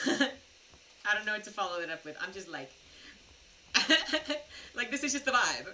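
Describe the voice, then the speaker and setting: A woman's voice: medium pitch, lively intonation, measured pace, pauses often, bright, forceful tone. A young American woman streaming a game while tipsy, rambling through a story in a casual, filler-heavy way. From United States. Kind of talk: casual gaming stream chat. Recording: distant mic with background noise.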